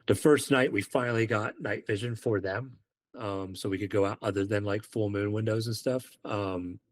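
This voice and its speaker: Speaking at a moderate pace with a fairly low pitch, this British man, once a Marine, swaps casual stories on a podcast. His manner is lively, and he performs the lines of dialogue he quotes.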